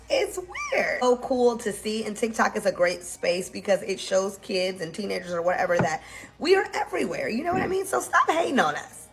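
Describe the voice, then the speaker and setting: An American woman co-hosting, giving fast, emphatic opinions in a casual chat. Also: mid-range voice, fairly bright tone, low-quality recording. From United States. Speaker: co-host.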